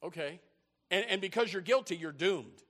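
A man voicing a grim, gravelly lawyer. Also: high-pitched, moderate pace, full character voice. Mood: stern. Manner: flat, grim pronouncements. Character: stern, hardened male lawyer, unsmiling.

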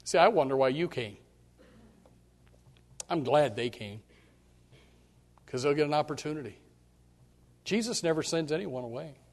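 A man preaching to his congregation in a high, swooping voice that climbs and falls across a wide range. He hammers home his points by repeating them and talks straight to the people in front of him. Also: animated, normal speed, long pauses. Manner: emphatic preaching with repeated phrases. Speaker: pastor. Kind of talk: sermon.

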